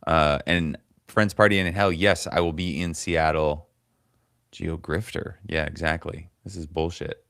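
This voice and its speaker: A man in his forties with a low, bass-heavy voice chats loosely on a livestream. He rambles and curses between complaints, restarting his thoughts as he goes. The sound is dry and close, with no room echo. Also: fairly even intonation, measured pace, vocal fry, fairly bright tone. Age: 40s. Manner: rambling, profane, grumbling. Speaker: comedian livestream host. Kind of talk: casual livestream chat.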